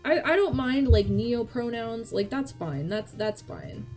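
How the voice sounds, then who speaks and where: A woman's voice: fairly high pitch, expressive, a little slow, darkish tone. A woman talking casually and bluntly, swearing and rambling with restarts, on a chat stream. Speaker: vtuber co-host. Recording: faint background music.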